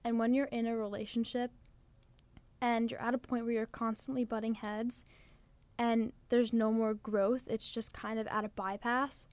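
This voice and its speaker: A woman's voice: fairly high pitch, little pitch movement, normal speed, darkish tone, dry recording. A teenage girl from New Jersey co-hosting a podcast, chatting earnestly with lots of "like" fillers. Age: teens. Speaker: podcast co-host. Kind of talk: casual chat.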